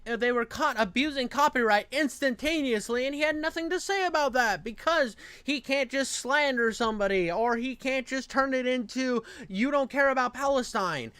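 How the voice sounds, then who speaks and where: A man's voice: very high voice, moderate pace, few pauses, bright, forceful tone, clear, resonant tone, no echo. A man hosting a reaction commentary, ranting with heavy profanity and sarcastic mimicry. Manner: profane, mocking rant. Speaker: commentary channel host.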